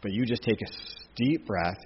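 A man's voice: fairly low pitch, expressive, normal speed, slight background noise. A man giving a casual, jokey teaching talk to a church class, with lots of restarts. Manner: chatty, jokey, many restarts. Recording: echoey hall, dull lo-fi sound.

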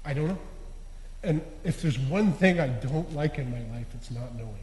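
A man's voice: a little high, lively intonation, moderate pace, slight background noise. Earnest man preaching in an echoey hall. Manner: earnest, confessional, swinging between loud stresses and quiet endings. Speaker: lay preacher. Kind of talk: sermon. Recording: echoey hall with long reverb.

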